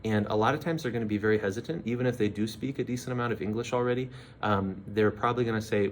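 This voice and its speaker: Male teacher, low voice, relaxed and patient, slow repeats, faint room ambience behind. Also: a little hiss or hum. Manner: relaxed, repeats phrases slowly with fillers. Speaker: language teacher. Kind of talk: casual language lesson.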